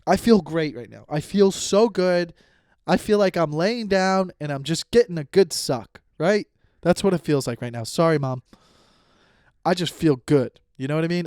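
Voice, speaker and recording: Lying down at home, a man in his thirties rambles through a solo comedy podcast, hopping between tangents, swearing freely, and often interrupting and restarting himself. His voice is a bit high for a man, with a darkish, clean tone. The sound is close and dry, without room echo.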